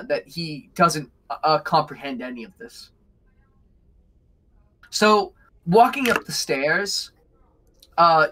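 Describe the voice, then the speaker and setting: Bright-voiced man running a tabletop game. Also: fairly high pitch. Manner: rambling, lots of fillers and restarts. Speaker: game master.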